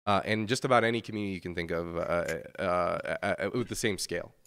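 A man's voice: sits low, a little fast, a bit bright, clear, resonant tone. A man hosting a gaming podcast, talking in a loose, rambling way with lots of fillers and restarts, and swearing casually. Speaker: podcast host.

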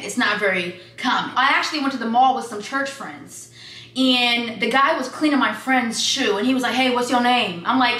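Chatty young woman vlogging. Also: fairly high pitch. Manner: chatty, sassy, animated when quoting people. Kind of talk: casual storytelling vlog. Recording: echoey room with faint background hiss.

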